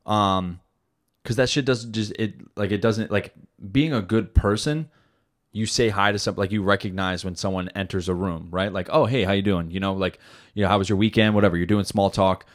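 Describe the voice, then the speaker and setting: A man's voice: lowish voice, fairly even intonation, moderate pace. A man hosting a podcast, chatting casually and rambling with lots of swearing and filler. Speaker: podcast host. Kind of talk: casual chat.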